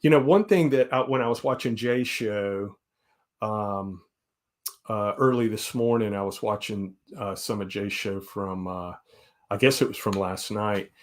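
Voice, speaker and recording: A man's voice: fairly low pitch, a little slow. Easygoing Southern US man. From South Carolina, US. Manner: easygoing, rambling. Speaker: guest host. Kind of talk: casual live-stream chat.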